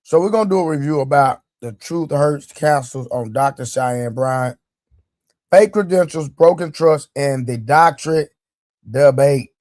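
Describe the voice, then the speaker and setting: Speaking a little slowly in a fairly high, slightly mellow voice, a male livestream show host jokes loosely with his chat and greets viewers by name. The studio-quality recording has no room sound. He's eating on stream and complaining of a sore leg.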